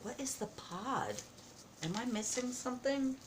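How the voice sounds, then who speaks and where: Slow chatty woman opening mail at home, gasps n ums, bit of hiss. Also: a little high. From United States. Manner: excited, gasping, halting with many fillers. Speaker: vlogger opening happy mail. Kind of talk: casual vlog chat. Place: home, indoors.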